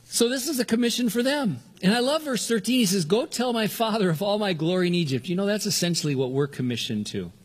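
An older man from Southern California preaching a sermon earnestly, often restarting words and lifting his pitch to stress a point. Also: expressive, quick pace, hardly any pauses, slightly rough. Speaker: pastor.

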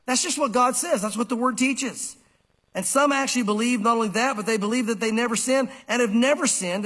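A man's voice: high voice, fairly bright tone, husky. A man preaching a sermon to a congregation, emphatic and conversational, repeating key phrases. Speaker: pastor. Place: church.

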